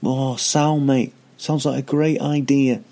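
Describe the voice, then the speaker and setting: A man's voice: mid-range voice, steady tone, slow, dark tone, pitched above the performer's own voice. A man putting on the voice of a blunt, guarded male rock star, speaking in clipped, matey banter.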